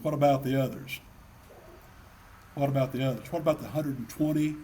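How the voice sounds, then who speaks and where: A man's voice: medium pitch, a little fast, mellow, far from the mic, slight background noise. A man preaching a sermon in an earnest way, asking many rhetorical questions and repeating his key phrases.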